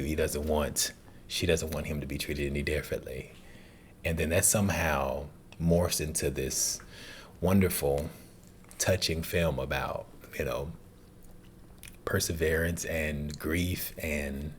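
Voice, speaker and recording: A man's voice: extremely low pitch, a little hiss or hum. A man talking casually and earnestly as a movie reaction host, rambling and calling the listener dude and man.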